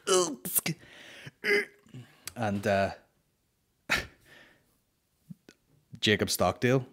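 A Northern Irish man hosting a comedy podcast, chatting casually, swearing a lot and slipping into mocking impressions. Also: lowish voice. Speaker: podcast host.

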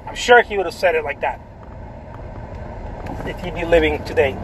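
A man's voice: on the high side, normal speed, noisy background. A man, an artist, chatting casually about art, rambling, repeating himself and tagging lines with "right?". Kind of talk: casual vlog talk.

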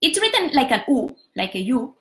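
A woman's voice: sits high, very animated, normal speed. A young woman from Catalonia, giving a live pronunciation lesson and explaining patiently, step by step with examples. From Catalonia, Spain. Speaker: Spanish teacher.

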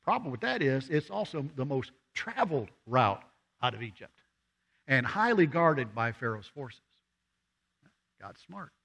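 A man delivers a sermon in a church. His tone is bright and forward, and he keeps it conversational. He throws questions at the congregation and acts out the voices of people in the story. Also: medium pitch, very animated, unhurried, gravelly, pauses often, slightly rough. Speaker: guest preacher. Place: church sanctuary.

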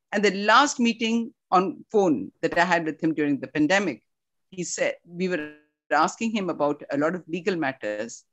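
A woman with an Indian English accent, a former school principal, giving an earnest memorial tribute over a video call and slipping into Hindi phrases. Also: on the low side.

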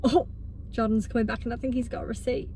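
A woman's voice: on the high side, little pitch movement, fast, dark tone, a little hiss or hum. A pregnant woman chatting casually to camera at home, gushing and cooing to her toddler. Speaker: vlogger and mother.

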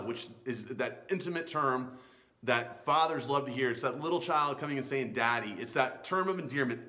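Bright-voiced earnest youth pastor. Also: male voice, medium pitch, brisk. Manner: earnest, pleading, with repeated restarts. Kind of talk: sermon. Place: church in Florida.

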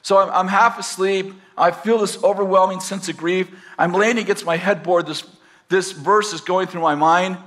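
A pastor telling a personal story to a live audience in a rambling, conversational way, with self-deprecating humor. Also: male voice, high-pitched, fairly even intonation, normal speed, a bit bright. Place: campus teaching session.

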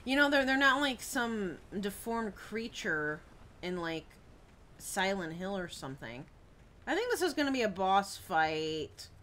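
Lively, slow-talking young woman streamer. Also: medium pitch. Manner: jumpy, chatty, talks to viewers and yelps at scares. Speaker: game streamer. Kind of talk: live gameplay commentary.

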